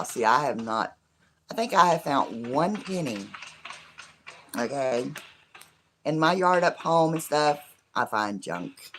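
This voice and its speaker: A middle-aged live stream host talks casually to viewers in a scratchy, hoarse voice. The voice has a rough, gravelly edge. The talk rambles and leans on fillers like "you know", with faint noise underneath. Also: mid-range voice, a bit bright. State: hoarse from laughing.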